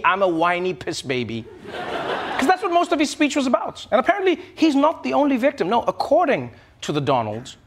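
A man's voice: high-pitched, breathy edge. A male host delivering a sarcastic, mocking comedy monologue with big swings in his voice. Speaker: late-night comedy host. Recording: noisy recording.

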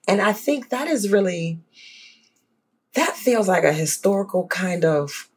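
New orleans accent, gravelly voice, scholar guest in a casual chat, gets animated and emphatic, jumps way up in pitch to make a point. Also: a little slow. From Southern United States. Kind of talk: casual panel discussion.

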